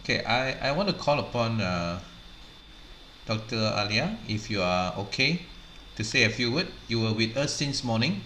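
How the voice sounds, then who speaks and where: Bright Malaysian man hosting in an echoey room. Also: mid-range voice, sing-song, normal speed, a little hiss or hum. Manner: friendly, mixes Malay into English. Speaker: host. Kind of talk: casual online meeting hosting.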